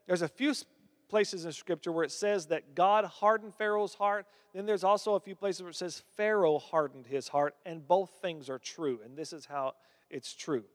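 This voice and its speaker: A man delivers a sermon with a notably high voice, growing animated and climbing higher as his stories build. His words ring out with a long reverb, as in a large church sanctuary. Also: moderate pace. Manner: animated storytelling, voice climbs when excited. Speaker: preacher.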